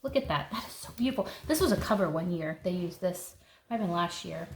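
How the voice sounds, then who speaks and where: Her voice is fairly low and animated, and she talks a little fast. She's a gardening vlogger eagerly paging through a seed catalog and thinking aloud, recorded in an echoey room with faint noise.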